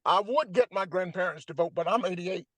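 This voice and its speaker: An older comedian from Atlanta, United States, appears as a guest on a video call for an animated comedic chat, joking emphatically with a preacher-like cadence. His voice sits high, fairly quick and a bit bright, and the recording is dry and rough.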